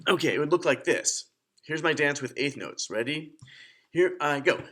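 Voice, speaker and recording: A man's voice: fairly high pitch, expressive, moderate pace, very noisy. A young man teaching a children's music lesson, counting and chanting rhythms aloud in an upbeat way.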